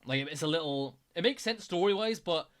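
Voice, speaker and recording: A man's voice: a little high, lively intonation, brisk, fairly bright tone. A man chatting casually as a streamer reacting to videos, enthusiastic and rambling. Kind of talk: casual chat.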